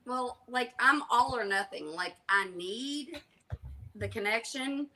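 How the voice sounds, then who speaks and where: A woman's voice: fairly high pitch, animated, takes it slowly, bright, forceful tone, poor audio. A woman guest chatting casually on a live stream, earnest and emphatic.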